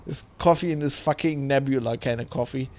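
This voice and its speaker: A man's voice: mid-range voice, a little fast, a little mellow. A man chatting casually on a live stream, tipsy and rambling, laughing often and swearing. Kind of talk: casual chat.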